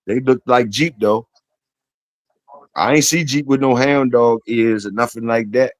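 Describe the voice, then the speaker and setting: A man's voice: medium pitch, a little slow, dry recording. A man hosting a casual livestream, talking in slangy, profane, repetitive banter to his chat and guests. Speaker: livestream host.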